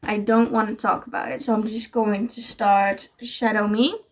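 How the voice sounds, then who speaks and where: A woman's voice: medium pitch, level tone, moderate pace. A young woman chatting casually in her reading vlog, gushing and giggly about the books she's read. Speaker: book vlogger.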